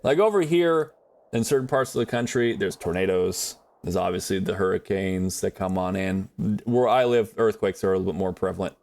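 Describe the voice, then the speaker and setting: A man's voice: sits low, brisk. Rambling man streaming a game. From United States. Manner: rambling, animated, reads and answers chat aloud. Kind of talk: casual live-stream chat while gaming.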